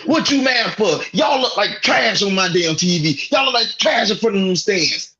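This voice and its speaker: A man's voice: high voice, animated, normal speed, pushed and bright, muffled recording. A man co-hosting a sports talk show, ranting in an exasperated, profane way. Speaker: podcast co-host. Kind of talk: heated sports rant.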